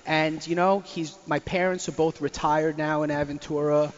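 A man telling a family story as a radio guest, animated and chuckling, often repeating himself. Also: on the high side, normal speed, big-room sound, muffled recording. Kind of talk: casual storytelling.

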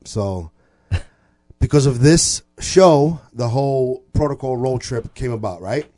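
A man's voice: mid-range voice, takes it slowly. A middle-aged retired man from the New York area, telling rambling stories in casual chat and acting out the quotes as a podcast guest. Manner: rambling, animated storyteller who acts out quotes.

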